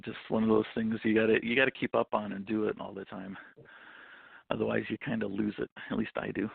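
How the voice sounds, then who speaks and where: A jokey man in his thirties with a heavily gravelly, creaky voice, talking as a guest author. The sound is dry and tinny, like a phone call. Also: on the low side, no room sound. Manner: jokey, repeats words as he starts. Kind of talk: casual interview chat.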